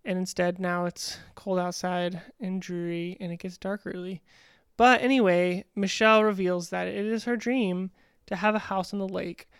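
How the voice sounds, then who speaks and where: Smooth-voiced chatty woman podcaster. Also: fairly low pitch, fairly even intonation, normal speed, no echo, studio quality. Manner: chatty, frequent "um" and "you know". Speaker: podcast co-host. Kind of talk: casual recap chat.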